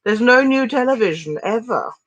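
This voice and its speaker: A woman from Switzerland co-hosting a live stream in casual chat, talking quickly with lots of fillers. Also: a little high, lively intonation, no echo, rough recording.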